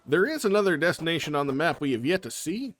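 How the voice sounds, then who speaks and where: With a slightly high, sing-song and somewhat bright voice, this let's play host talks fast. He offers relaxed, chatty commentary on the game, thinking aloud over faint game music.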